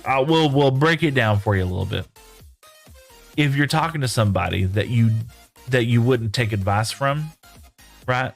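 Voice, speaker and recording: A man streaming live from his home room, reading viewer chat aloud and answering in a folksy, rambling way. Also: mid-range voice.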